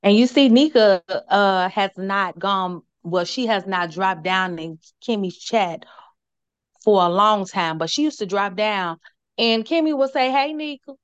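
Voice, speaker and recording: A woman co-hosting a chat stream, speaking quickly, directly and emphatically. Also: mid-range voice, clean tone, no room sound, lo-fi sound. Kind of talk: casual commentary chat.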